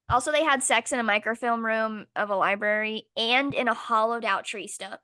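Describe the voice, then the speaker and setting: A young woman co-hosting a podcast, ranting sarcastically in a casual, animated chat with some swearing. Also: a little high, moderate pace, few pauses, clear, resonant tone. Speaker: podcast co-host.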